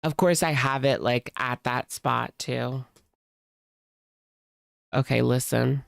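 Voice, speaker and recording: A woman with a bass, creaky voice speaks slowly and fairly evenly, with no echo. She hosts casual reaction commentary from home, close to the mic, chatty and sarcastic and leaning heavily on "like."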